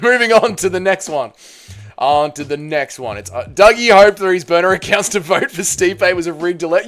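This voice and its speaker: Hosting a live stream, a man banters with his chat and announces vote counts in an excitable, teasing way. His voice sits high.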